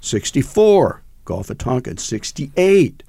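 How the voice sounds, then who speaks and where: An older veteran recounts his war experiences in a rambling, conversational interview, full of fillers and restarts. His medium-pitched voice is warm, slow, and swings widely in pitch, with some vocal fry. The recording is dry.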